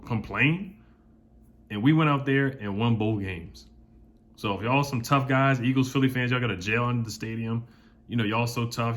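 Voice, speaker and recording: A young man hosting a casual sports vlog, fired up and mocking rival fans, often repeating himself. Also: medium pitch. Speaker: sports channel host.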